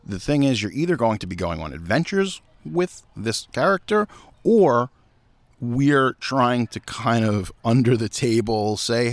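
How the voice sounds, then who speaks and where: A man hosting a podcast outdoors in casual chat, animated and riffing, with frequent swearing. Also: mid-range voice, moderate pace, no echo. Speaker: podcast host.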